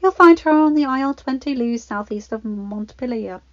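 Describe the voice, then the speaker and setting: A woman voicing a scheming, spiteful witch from a fan story reading, taunting and shrill in anger, on a dry, dull recording. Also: expressive, moderate pace, no room sound. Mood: sly.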